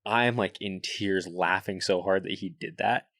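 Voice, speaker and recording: A young man chatting as a podcast guest, telling animated, swear-laden stories full of "like" and "dude". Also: low-pitched, unhurried, no echo, clean studio sound. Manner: animated storyteller, swears freely, fillers like "like" and "dude". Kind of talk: casual podcast chat.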